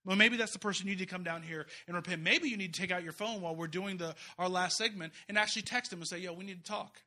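A man preaching an impassioned, folksy sermon, rising to loud urgent peaks and dropping to quiet asides. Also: sits high, fast talker. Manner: folksy, uses y'all and slang. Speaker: guest preacher.

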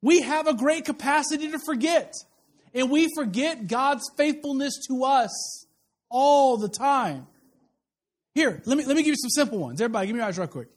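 A young adult man preaching a sermon in a conversational, animated way, acting out little asides for the congregation. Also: very high-pitched, moderate pace. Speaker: pastor.

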